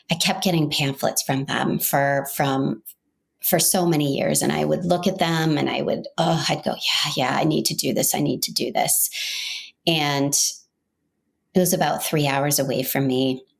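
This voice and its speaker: A middle-aged woman hosting a podcast shares her own story in a slow, unhurried way. Her voice sits low, with a gravelly edge. She speaks earnestly and reflectively, sometimes restarting a thought. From Maine, United States. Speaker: podcast host.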